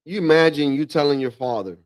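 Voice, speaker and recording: A man hosting a livestream in casual, slangy reaction commentary, calling everyone "bro" and getting animated. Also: fairly high pitch, fast talker, dry recording, clean studio sound. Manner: animated, drops into mock voices of relatives. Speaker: livestream host.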